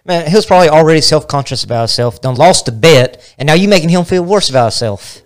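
A man's voice: fairly high pitch, expressive. A man joking and laughing as co-host in a casual chat. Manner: joking, laughing, quick banter. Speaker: podcast co-host.

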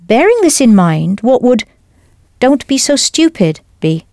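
A woman leading a scripted audio language lesson with clear, encouraging instruction. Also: on the high side, very animated, measured pace, a little mellow, no echo, studio quality. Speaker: language course teacher.

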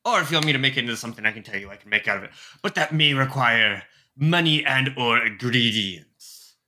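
A shrewd gnome alchemist with a pirate accent haggles over his wares, as a man puts him on. His voice is bright and sharp, and it swings widely in pitch. He drags out his sales pitch in a sly, wheedling drawl. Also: animated, brisk. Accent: put-on pirate accent. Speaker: shopkeeper character.

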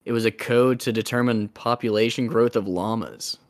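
A man's voice: medium pitch, fairly even intonation, normal speed. A young man with a Southern Arkansas accent, co-hosting a podcast in casual, joking chat and saying dude a lot. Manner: laid-back, joking, says dude a lot. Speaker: podcast co-host.

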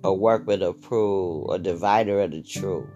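A man's voice: sits low, normal speed, muffled recording, music in the background. A man hosting a podcast, talking through a casual spiritual monologue in a blunt, profane way, often repeating his phrases. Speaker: podcast host.

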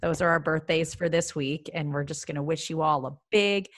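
A bubbly young woman co-hosts a casual chat show. Her voice sits a little low for a woman, and she talks in an easy, chatty way, quick to break into exclamations. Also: no echo, studio quality. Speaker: podcast co-host.

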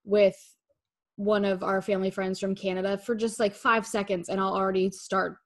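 A woman's voice: medium pitch, flat delivery, normal speed. A young woman co-hosting a podcast, playful and joking, with casual swearing. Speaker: podcast co-host.

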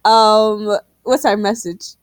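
A woman's voice: mid-range voice, level tone, slow pace, dry recording. A young woman co-hosting a podcast in casual chat, laughing often and exclaiming. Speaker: podcast co-host.

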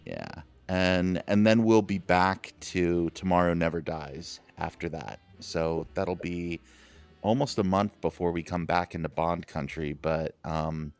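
Deep-voiced male host, easygoing and rambling, casual podcast chat. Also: unhurried, faint music behind. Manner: relaxed, filler-heavy, rambling.

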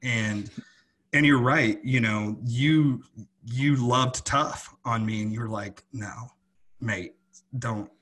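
A man's voice: mid-range voice, slow, fairly bright tone. A man co-hosting a podcast, talking in an earnest, reflective way with many restarts. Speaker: podcast co-host. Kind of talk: casual conversation.

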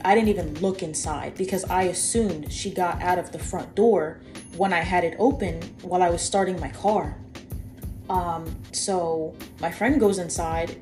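A young woman co-hosting a podcast, telling a personal story in a lively, chatty way and talking straight to her listeners. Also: fairly low pitch. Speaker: podcast co-host. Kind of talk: casual storytelling.

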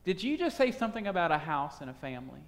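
A man voicing a calm, shrewd trader who speaks softly and politely. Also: on the high side, pitched above the performer's own voice. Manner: soft-spoken, polite and measured. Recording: long hall reverb.

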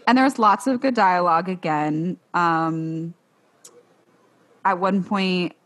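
A woman's voice: lowish voice, slow pace, a bit bright. A young woman co-hosting a podcast, chatting casually about a book, swearing and laughing often. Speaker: podcast co-host.

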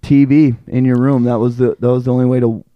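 A man's voice: medium pitch, fast talker, no echo, dull audio. A man co-hosting a podcast, teasing and joking in casual chat. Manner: teasing, jokey, animated. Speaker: podcast co-host.

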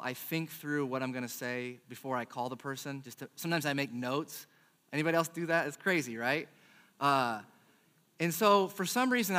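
Chatty pastor telling a funny story. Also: male voice, a little high. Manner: self-deprecating storyteller, chatty and animated. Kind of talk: sermon with a personal story.

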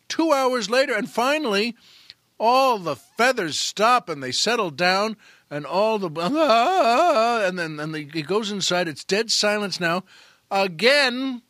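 A man hosting a comedy podcast, spinning a long shaggy-dog joke with animated restarts and asides to the audience. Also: high-pitched, unhurried, no echo, clean studio sound. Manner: animated storyteller with frequent restarts. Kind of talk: telling a long comic joke.

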